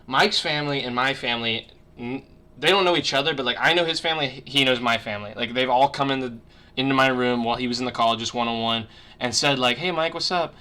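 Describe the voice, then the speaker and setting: Young guy streaming from his room, bright voice, rambly and sweary, webcam mic. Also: mid-range voice, fast. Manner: rambling, lots of swearing and fillers. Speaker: streamer podcast host. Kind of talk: casual chat on a livestream. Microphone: webcam mic on a video call.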